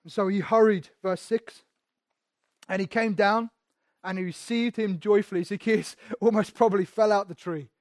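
High-voiced preacher with repeated phrases. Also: male voice, fairly even intonation, moderate pace, no echo. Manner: repeats phrases, asks rhetorical questions, swings from hushed to loud. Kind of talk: sermon.

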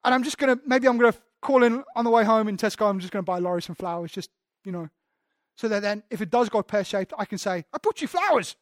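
A man's voice: high voice, steady tone, quick pace, no room sound, studio quality. A man preaching a sermon as pastor, candid and self-deprecating, often restarting his sentences.

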